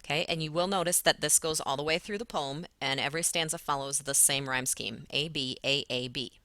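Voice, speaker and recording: Woman, teacher, recorded lesson, patient step-by-step explaining, low pitch, dry close sound. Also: fairly quick, sharp tone, dry recording. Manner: patient, talks students through each step.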